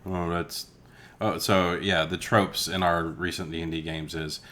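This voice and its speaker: A young man with a very low voice, co-hosting a podcast. He chats about cartoons in a loose, jokey way and swears freely. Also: flat delivery, unhurried, sharp tone. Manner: laid-back, profane, jokey. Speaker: podcast co-host. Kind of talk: casual chat about a cartoon series.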